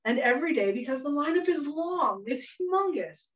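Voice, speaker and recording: A Canadian woman with a high, expressive voice talks a little fast while hosting a cooking workshop. She tells a funny story in a chatty way, laughing often as she cooks. The recording is dull and echoey, with the mic at a distance.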